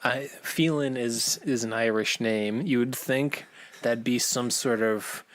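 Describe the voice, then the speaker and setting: A man's voice: medium pitch, takes it slowly, no echo. A man co-hosting a podcast from a basement, chatting casually with a rambling manner and frequent laughs. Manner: rambling, laughs often, restarts phrases. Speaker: podcast co-host. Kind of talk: casual chat. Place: home basement.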